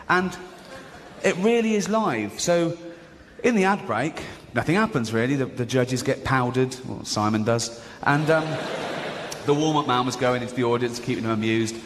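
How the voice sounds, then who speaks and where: A man's voice: fairly high pitch, a little hiss or hum. A man doing stand-up, telling a story and acting out the voices of the people in it. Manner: animated, acts out voices, laughs often. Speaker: stand-up comedian. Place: large hall before a live audience. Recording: live hall recording with audience.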